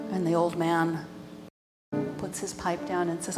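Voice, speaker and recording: A woman storyteller recounts a traditional tale before a live audience, her phrases gentle and rhythmic, often repeated. Her voice sits slightly low and trails off into a long hall reverb, with music clearly underscoring her. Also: level tone, a little slow, long pauses. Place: live event.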